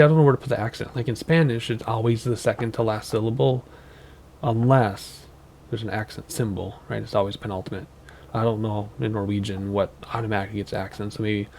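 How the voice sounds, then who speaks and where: A man's voice: fairly low pitch, a little mellow, a little hiss or hum. A tired, sleep-deprived man hosting a flight sim channel, giving casual, rambling gameplay commentary with many ums and self-corrections.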